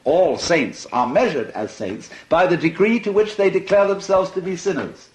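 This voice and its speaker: A man's voice: high-pitched, moderate pace, rough recording. An older man giving a conversational philosophical lecture, amused and often breaking into laughter.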